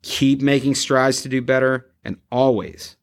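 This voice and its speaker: A man's voice: mid-range voice, steady tone, measured pace. A man hosting a podcast in casual chat, blunt and swearing heavily, with music behind him. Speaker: podcast host.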